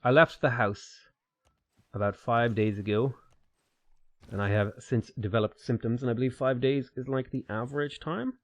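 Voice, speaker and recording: A man commentating his own strategy gameplay live, chatting and answering viewer questions with sudden bursts of excitement. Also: mid-range voice, moderate pace, dry recording. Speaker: game streamer.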